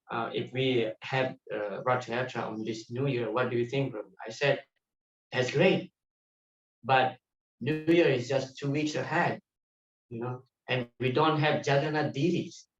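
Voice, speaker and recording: Man telling stories in an echoey temple hall. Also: mid-range voice. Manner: animated anecdotes with laughter. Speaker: teacher. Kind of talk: devotional class with storytelling. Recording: distant muffled mic in echoey hall.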